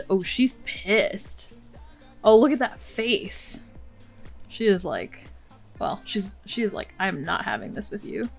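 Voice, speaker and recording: A woman hosting a Let's Play, giving casual, chatty gameplay commentary full of exclamations and laughter. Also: mid-range voice.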